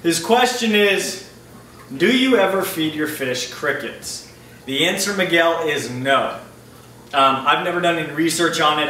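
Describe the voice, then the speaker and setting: A man's voice: on the high side, pushed and bright, distant mic. A man answering viewer questions in a casual, upbeat video chat about his aquarium. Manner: chatty, upbeat, loose and informal. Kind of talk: casual Q&A vlog. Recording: roomy echo, mic set back, faint ambient noise.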